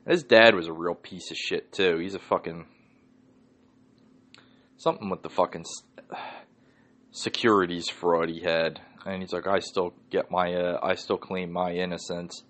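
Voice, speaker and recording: A man's voice: deep voice, steady tone, a little slow, pauses often, fairly bright tone. Swearing Philly man ranting on a podcast. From Northeast Philadelphia. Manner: profane, ranting, heavy swearing. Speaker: podcast host. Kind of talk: solo podcast rant.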